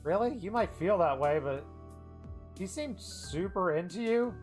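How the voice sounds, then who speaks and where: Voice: mid-range voice, lively intonation, normal speed, natural voice. Teasing, slangy teen girl mage, played by a streamer, faint music behind.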